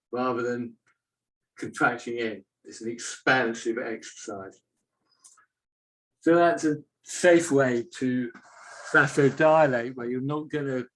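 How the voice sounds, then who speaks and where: A man in a live online chat leads a breathing exercise in a calm, unhurried voice. His voice is mid-pitched and his instructions come step by step. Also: rough recording. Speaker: qigong teacher.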